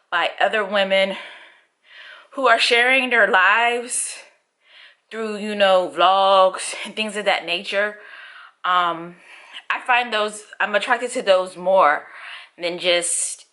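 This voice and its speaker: A chatty woman in her thirties talking to her viewers in a casual vlog. Her voice is bright and forward, and she laughs often as she catches them up on her life. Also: mid-range voice, takes it slowly, pauses often. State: out of breath. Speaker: vlogger. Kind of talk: casual chat to camera.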